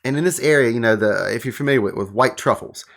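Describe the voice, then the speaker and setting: A middle-aged man from the American South, telling stories in a casual chat as a guest, animated and laughing, full of "like" and "you know". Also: mid-range voice, fast talker, vocal fry. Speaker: guest, wine tour guide.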